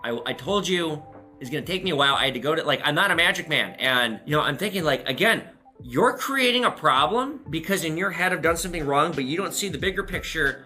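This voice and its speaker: A man's voice: on the high side, animated, fast talker, sharp tone, soft background music. A man who runs a pawn shop, telling viewers a blunt, profane story and giving a lesson in casual talk. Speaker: pawn shop owner and host. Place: his shop.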